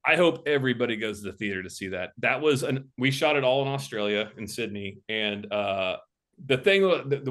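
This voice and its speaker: A man's voice: medium pitch, fairly bright tone. A man, a film director and camera operator, tells stories as a guest in a casual interview and acts out the voices of people he quotes.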